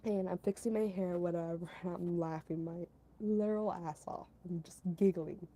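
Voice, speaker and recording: A woman's voice: on the low side, steady tone, normal speed, mellow, low-quality recording. A woman casually telling a story to her stream chat, rambling, repeating herself and padding her talk with fillers. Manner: talks to her chat between story parts.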